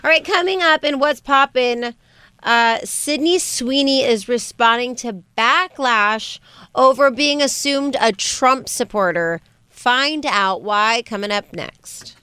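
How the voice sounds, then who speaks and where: A woman's voice: a little high, takes it slowly, clear, resonant tone, no room sound. A woman co-hosting a morning radio show, telling stories expressively and chatting casually. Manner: expressive storyteller.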